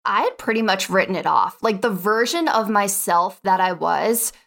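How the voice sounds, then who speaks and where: A woman's voice: medium pitch, moderate pace, creaky, fairly bright tone. A young adult woman, a podcast guest, telling her story in a casual interview and acting out her own past dialogue.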